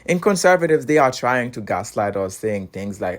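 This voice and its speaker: A man's voice: medium pitch, sing-song, normal speed. Heated man with a non-native accent. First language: not English. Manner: heated, repetitive, laughs between points. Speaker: commentator. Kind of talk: casual opinion monologue.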